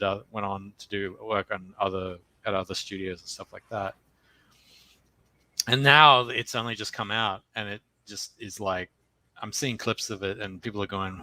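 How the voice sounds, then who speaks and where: A man in casual podcast chat, ranting animatedly with lots of swearing. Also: no room sound. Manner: animated, swearing, jumps into mocking high voices when quoting. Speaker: podcast co-host.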